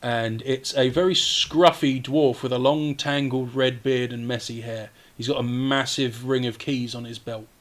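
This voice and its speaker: A man narrating as game master in a halting, relaxed way with many fillers. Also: medium pitch. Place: home streaming setup.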